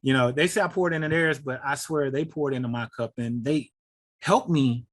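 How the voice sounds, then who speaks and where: A middle-aged man, a guest on an interview show, telling a personal story in an animated and emotional way. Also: medium pitch, normal speed. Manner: animated, acts out quoted voices, gets emotional.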